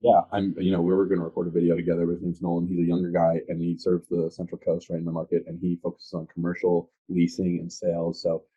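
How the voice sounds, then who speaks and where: Fast-talking husky low-voiced man. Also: highs cut off. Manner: energetic, eager, acts out sales calls. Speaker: real estate agent, guest. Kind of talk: casual podcast conversation.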